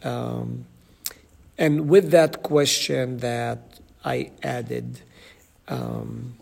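Slow gravelly man leading Bible study. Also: medium pitch, a little mellow. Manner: slow, halting, with many ums and questions to the group.

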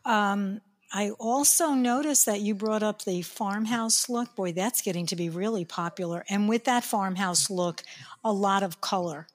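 A woman's voice: medium pitch, normal speed. A woman from New York leading a casual chat about kitchen design. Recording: long reverb in the room.

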